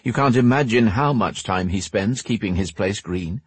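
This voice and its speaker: Man doing young male mage, sardonic, offhand, low husky voice. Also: normal speed, no echo. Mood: wry.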